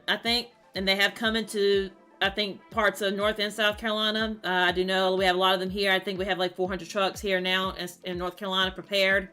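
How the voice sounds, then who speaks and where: A woman's voice: a little high, pushed and bright. A woman, a streamer talking casually to her chat, rambling and repeating words, upset and close to tears. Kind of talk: casual talk to camera.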